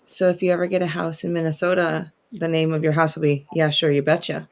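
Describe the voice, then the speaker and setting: Man, co-host, relaxed agreeable chat, gravelly fry, a bit high. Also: fast, slight background noise. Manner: easygoing, agreeable, soft-spoken. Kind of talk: casual livestream chat.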